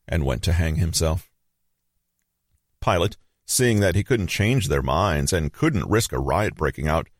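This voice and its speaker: Male narrator for a scripted Bible story: very low voice, measured, grave delivery with long pauses, close and dry. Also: no echo.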